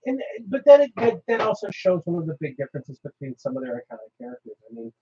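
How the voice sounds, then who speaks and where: Fast-talking husky man. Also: on the high side, sing-song, dark tone. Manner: argumentative, asks leading questions. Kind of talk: casual roundtable chat. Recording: dull lo-fi recording.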